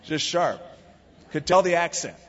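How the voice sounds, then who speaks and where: A man's voice: a little high, animated, a little slow, some chatter behind, slight background noise. A man from the United States preaching a sermon, telling the story in a conversational, storytelling way and leaning into the quoted lines. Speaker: pastor. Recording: lo-fi recording in a reverberant hall.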